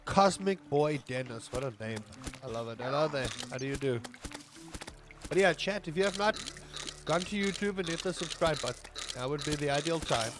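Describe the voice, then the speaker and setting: Rambling South African gaming streamer. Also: male voice, fairly high pitch, expressive, brisk, background noise. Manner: rambling, jokey, talks to chat while playing. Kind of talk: casual gameplay livestream chat.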